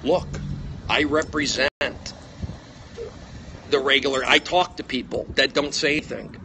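A middle-aged man, a comedian livestreaming from his phone outdoors, ranting in agitated bursts that jump between loud outbursts and low mutters. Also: fairly even intonation, measured pace, background noise. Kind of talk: rambling livestream rant.

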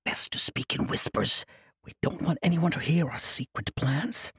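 A man's voice: on the high side, normal speed, husky, dry recording, studio quality, voice pushed up. A man voicing an eccentric, mischievous ancient male monk who talks in a playful, grandiose way. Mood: whimsical.

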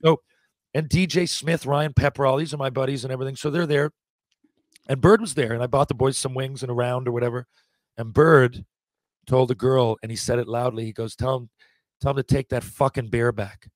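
A man's voice: mid-range voice, steady tone, fairly quick, dry recording. A man in his forties, a podcast guest, telling rambling, profanity-laced anecdotes in a casual way. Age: 40s. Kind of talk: casual storytelling.

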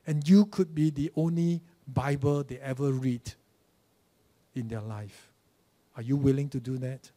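A male pastor with a Malaysian English accent delivers a sermon in a church, his voice slightly high. He tells stories vividly and acts out the voices of mockers. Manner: animated storytelling, acting out mocking voices.

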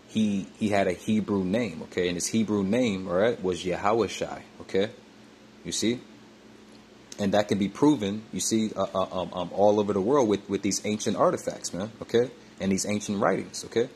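A man teaching from scripture in a repetitive, halting way, tagging nearly every phrase with "man," "all right," "okay" or "you see," with many fillers and restarts. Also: on the low side, a little mellow, slight background noise. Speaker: religious teacher.

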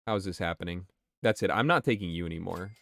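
Quick and low with vocal fry, his voice still carries a fairly bright tone on a dry recording. He's a game streamer responding to chat, swearing freely and keeping up easygoing gameplay talk.

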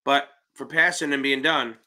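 A man's voice: medium pitch, fairly even intonation, moderate pace, pushed and bright. A man hosting a live-stream Q&A as an exam prep tutor, talking in a brash, profane and blunt way, with emphatic interjections.

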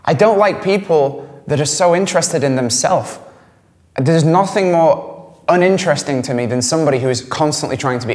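Blunt swearing man in a reverberant hall. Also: on the high side. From England. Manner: blunt, swearing, emphatic repetition. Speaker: musician interviewee. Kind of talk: candid interview answers.

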